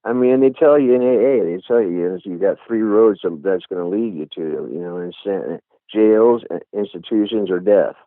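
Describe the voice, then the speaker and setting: A low-pitched middle-aged man talks candidly as an interview guest. He rambles, circles back and fills gaps with "you know". His voice comes through a dry, tinny phone line. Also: normal speed, no echo. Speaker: guest musician.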